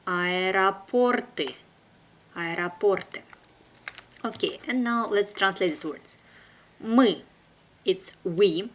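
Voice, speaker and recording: A woman with a Russian accent, a native Russian speaker, teaching a language lesson online in a careful, deliberate way with frequent hesitations. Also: medium pitch.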